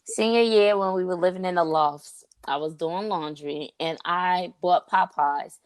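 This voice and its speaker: A young woman co-hosting a podcast, telling stories in a casual, animated, slangy way. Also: on the low side, a little slow, dry recording. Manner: animated storyteller, slangy, says "like" and "bro" often. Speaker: podcast co-host. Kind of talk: casual chat.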